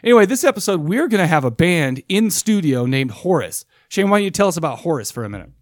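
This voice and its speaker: Guy hosting a horror podcast, kinda high voice, rambly and jokey, dead dry sound. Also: sing-song, quick pace, dry recording. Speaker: podcast co-host. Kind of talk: casual chat.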